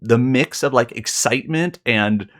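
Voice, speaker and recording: A man's voice: medium pitch, measured pace, fairly bright tone. A man co-hosting a casual podcast, rambling through his account with many fillers and self-corrections. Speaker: podcast co-host.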